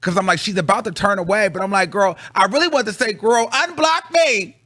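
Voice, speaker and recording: Guy vlogging a story, slangy and animated, voice on the high side, dry close sound. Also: fast, dry recording. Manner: animated, swinging from low mutters to high excited bursts; slangy, calls the audience girl. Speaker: vlogger reviewing a concert. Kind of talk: casual storytelling to camera.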